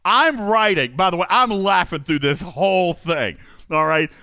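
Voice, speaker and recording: Animated, high-voiced male host. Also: moderate pace, clean tone, no room sound, studio quality. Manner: animated storytelling, laughing often. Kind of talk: casual stream talk.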